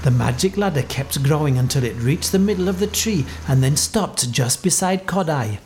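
Lively woman reading a children's story. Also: low voice, normal speed, a little hiss or hum.

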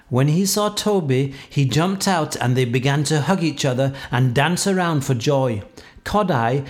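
A man reading a children's storybook aloud, expressive and playful. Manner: expressive, playful, swings pitch for effect. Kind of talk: storybook read-aloud narration.

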